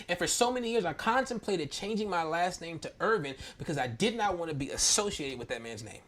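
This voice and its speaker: A man in his thirties from Maryland, hosting a church talk and telling a candid personal story in an animated, slangy way, often laughing. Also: on the high side, fast, few pauses. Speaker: church podcast host.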